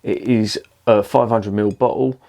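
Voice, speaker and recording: A man talks through a beer review in a relaxed vlog style. His voice sits low, and he keeps things jokey and chatty, dropping swear words along the way. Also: measured pace, vocal fry. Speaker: beer reviewer, channel host.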